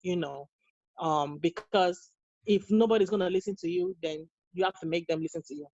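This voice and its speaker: A woman's voice: on the low side, normal speed, a little mellow, no room sound, highs cut off. A woman in her thirties, a guest on a podcast, talking earnestly and telling stories in a casual interview. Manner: earnest, storytelling, acts out quoted dialogue. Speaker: guest, nurse and mother.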